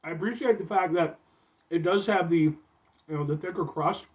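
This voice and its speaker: Chatty guy doing a food review vlog, high bouncy voice, kinda muffled audio. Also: moderate pace. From Illinois, USA. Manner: excitable, chatty, keeps addressing viewers as folks. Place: back room at home, seated.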